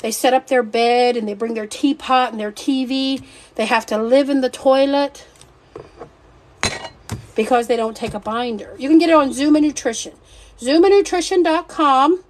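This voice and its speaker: A woman hosting a casual live stream, talking in an animated, joking, scattered way that keeps interrupting itself. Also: high-pitched, normal speed, a little hiss or hum.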